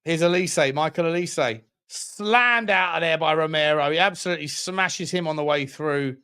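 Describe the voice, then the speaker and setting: A man streaming a football watchalong, giving running commentary on the game with jokes and shout-outs to viewers. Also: fairly high pitch, moderate pace, clear, resonant tone. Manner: jokey, excitable, chats with viewers between plays. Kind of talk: live match commentary and chat.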